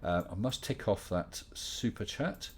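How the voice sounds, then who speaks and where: A man's voice: lowish voice, lively intonation, unhurried, slightly rough. A middle-aged man hosting a casual live Q&A stream, chatting and reading out viewer questions with dry humor.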